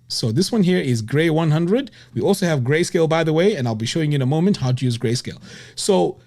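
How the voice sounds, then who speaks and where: Lively man, upbeat web design tutorial. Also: quick pace. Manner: enthusiastic, exclaims "boom" and "look at that". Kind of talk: screen-recorded software tutorial.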